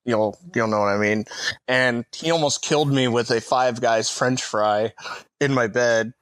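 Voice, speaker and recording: A man's voice: mid-range voice, unhurried, no room sound. Profane, storytelling male veteran host. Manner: profane, animated anecdotes with laughter. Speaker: podcast co-host, Marine veteran. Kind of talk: casual storytelling chat.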